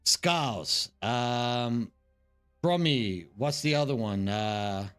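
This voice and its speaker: Speaking very slowly, a tired Texan from around Houston talks in a medium-pitched voice that's clear, resonant, and fairly bright, with faint music playing behind him. As a livestream host he rambles casually, reads the chat out loud, and keeps dropping "like" and "dude."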